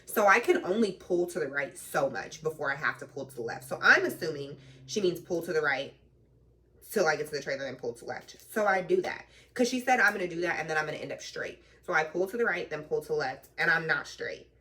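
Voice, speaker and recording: A woman in a casual storytime vlog, chatty and animated, full of slang and the odd curse word. Her voice is bright and sits on the low side, and she sounds a little way back from the mic. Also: quick pace, recorded from a distance. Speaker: truck driver in training.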